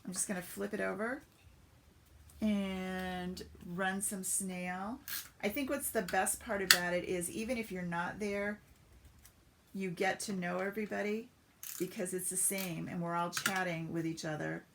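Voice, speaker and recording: A woman's voice: fairly low pitch, steady tone, unhurried, gravelly, background noise. A woman giving a chatty step-by-step craft demonstration on a live stream, greeting viewers as she works. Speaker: papercraft demonstrator.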